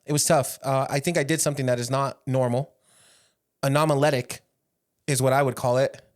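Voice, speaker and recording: A young man co-hosting a podcast, telling stories in a casual, animated way, teasing his friend and laughing a lot. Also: medium pitch, brisk. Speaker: podcast co-host and business owner. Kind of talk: casual chat.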